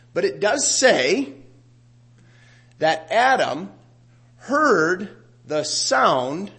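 A middle-aged pastor gives an animated sermon, his pitch slightly raised; he speaks conversationally but swells louder and more intense each time he quotes scripture.

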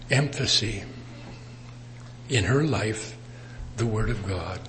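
Slow, earnest male preacher. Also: on the low side, lively intonation, slight background noise. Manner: slow, earnest, with emphatic rises and soft drops. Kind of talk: sermon. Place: assembly worship.

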